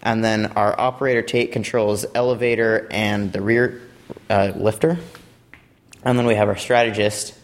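A man's voice: lowish voice, level tone, moderate pace. A young man from a robotics team giving a casual, rambling explanation of a competition robot, with playful asides.

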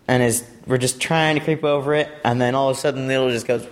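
Young man, robotics team member, casual explainer, rambling, playful asides, mid-pitched voice. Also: fairly even intonation, fast talker, hardly any pauses.

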